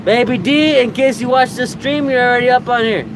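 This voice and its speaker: A man's voice: extremely high pitch, brisk, noisy background. A man streaming live, chatting casually, laughing a lot and swearing freely.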